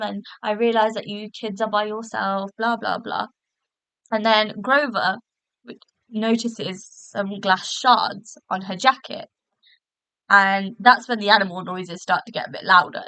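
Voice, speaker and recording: A woman's voice: medium pitch, sharp tone, no echo, low-quality recording. A woman hosting a podcast, chatting casually through a review with lots of fillers and restarts, recorded in a hotel room. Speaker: podcast host.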